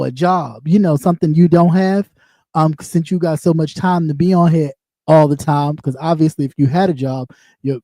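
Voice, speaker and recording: A livestream host goes on a profane rant, mocking and heated, swearing nonstop. His voice is a little high with a dark tone, recorded dry at studio quality.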